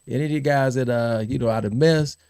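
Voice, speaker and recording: A middle-aged man hosting a podcast, telling lively stories about his college team, laughing and repeating himself as he goes. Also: medium pitch, fast, smooth, no room sound, clean studio sound. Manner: animated storyteller, laughs and repeats words. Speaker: podcast host. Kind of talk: casual storytelling chat.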